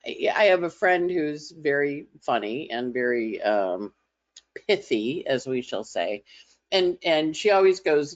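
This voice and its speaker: A woman's voice: deep voice, animated, unhurried. A woman astrologer giving a casual weekly forecast, talking in a chatty, conversational way and slipping into playful voices as she imitates others. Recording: slightly dull lo-fi audio.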